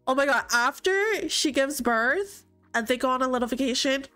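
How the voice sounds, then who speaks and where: A woman's voice: high voice, lively intonation, normal speed, bright, forceful tone. A young woman live-streaming a life-sim game, chatting casually, reading chat aloud, gasping and laughing often. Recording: game music faint behind.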